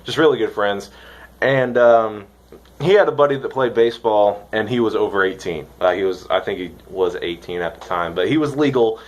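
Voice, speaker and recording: A young man from the United States rambling excitedly in a casual vlog, swearing now and then. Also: fairly low pitch, moderate pace. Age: young adult. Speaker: vlogger reviewing dip.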